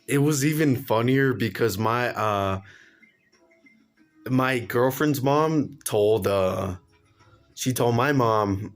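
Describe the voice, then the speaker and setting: A man's voice: mid-range voice, takes it slowly, faint music behind. A young man casually telling a personal story on his vlog, slangy and laughing along as he goes. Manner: laid-back slangy, laughs while telling. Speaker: vlogger.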